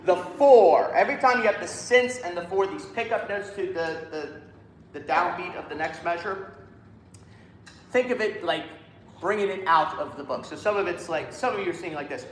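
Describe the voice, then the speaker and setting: A man's voice: high voice, expressive, moderate pace, roomy sound, low-quality recording. A man leading a choir rehearsal, coaching the singers and singing phrases to show them how. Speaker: choir director.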